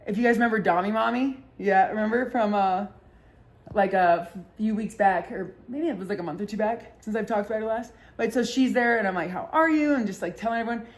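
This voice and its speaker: A woman's voice: mid-range voice, brisk. Casual swearing young woman telling a story. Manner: rambling, heavy swearing, lots of "like". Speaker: podcast vlogger.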